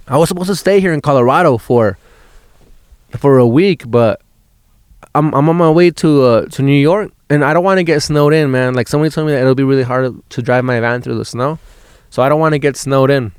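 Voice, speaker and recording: A man's voice: medium pitch, darkish tone, no room sound, clean studio sound. A man, a stand-up comedian on a road trip, telling a rambling story in a casual, profane way, often restarting his words and laughing as he goes.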